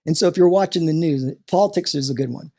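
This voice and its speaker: A man talking as a podcast guest and coach, animated and motivational, often tossing in "right?" as he talks. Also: fairly high pitch, quick pace.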